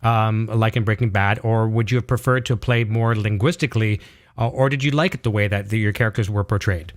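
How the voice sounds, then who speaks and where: A man's voice: lowish voice, steady tone, brisk. A man hosting an interview podcast who reads out fan questions and keeps up supportive affirmations. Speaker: podcast host.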